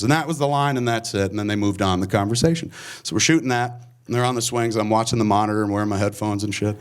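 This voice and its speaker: A man's voice: on the low side, quick pace. A man in his forties telling rambling, profane stories on a conference stage. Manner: profane, rambling, animated storyteller. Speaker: filmmaker guest speaker. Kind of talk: storytelling conference talk. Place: conference stage before an audience.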